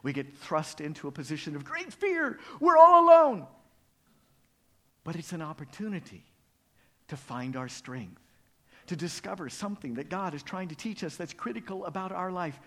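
A man preaching a sermon, telling a story in a dramatic, expressive way. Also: on the high side, moderate pace. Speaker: pastor.

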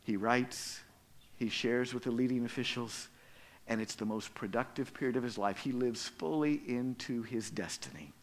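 A man preaching a sermon, swinging between loud emphatic lines and quiet, soft ones. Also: mid-range voice, moderate pace. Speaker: pastor.

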